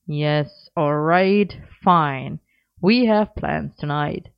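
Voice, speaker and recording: A woman voicing a dry, reluctant young man who speaks in a grudging, low-key way. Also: extremely slow, gravelly, clear, resonant tone, no echo, heavily acted. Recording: dull lo-fi recording.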